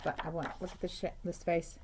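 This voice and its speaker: A woman's voice: fairly low pitch, little pitch movement, fairly quick, noisy background. A woman teacher reading a picture book aloud to children, chatty and asking them questions, with frequent "uh-oh"s.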